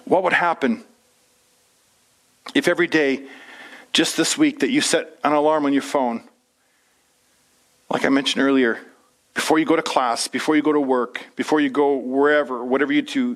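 A male pastor preaching a sermon with animated delivery, slipping into quoted voices of churchgoers and slowing down for emphasis. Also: mid-range voice.

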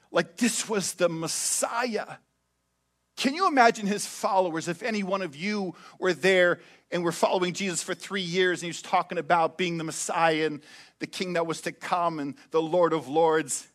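Male pastor, high voice, preaching with big swings from emphatic to hushed. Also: fairly even intonation, moderate pace. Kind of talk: sermon.

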